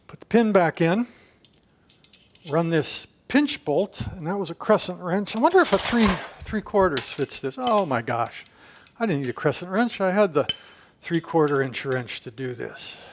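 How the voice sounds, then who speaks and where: High-voiced man tinkering, chatting to himself. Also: lively intonation, normal speed, noisy background. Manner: chatty, talks to himself while working. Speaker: DIY video maker. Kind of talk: hands-on repair demonstration. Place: home gym.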